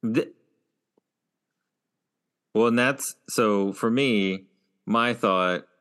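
A man's voice: fairly low pitch, very slow, fairly bright tone, clear, resonant tone. A man co-hosting a casual TV recap chat, retelling scenes in a meandering way. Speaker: podcast co-host. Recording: long reverb.

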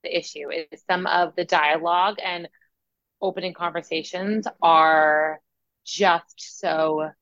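A young woman co-hosting a podcast, talking casually and thinking out loud with lots of fillers. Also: lowish voice, steady tone, slow, no echo, dull audio. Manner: talkative, thinks aloud with many fillers. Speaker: podcast co-host. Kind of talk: casual chat.

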